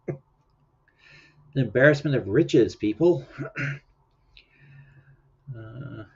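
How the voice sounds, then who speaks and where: A livestream host talks very slowly in a mid-range voice that is gravelly, husky and darkish, yet animated. Sleepy and yawning, he rambles through casual chat and laughs often, all over dull lo-fi stream audio.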